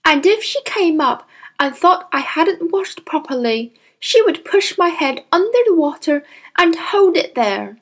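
A woman voicing a kind, timid young woman teacher who speaks softly and apologetically in a storybook reading. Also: very high voice, very animated, measured pace, voice pushed up, exaggerated voice. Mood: gentle. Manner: soft, gentle, apologetic.

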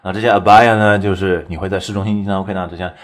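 A man gives a casual explanatory English lesson, chatty and constantly checking in with the listener, tagging "right?" and laughing. His voice is low, level in tone and very fast.

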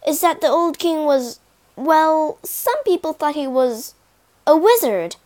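A woman's voice: high-pitched, animated, slow, a little mellow, no echo, pitched above the performer's own voice. Woman voicing a fussy, hesitant prime minister. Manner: hesitant, hasty explaining.

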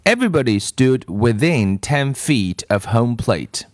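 A man reading a children's storybook aloud with expressive narration. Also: mid-range voice, unhurried, dry recording, clean studio sound.

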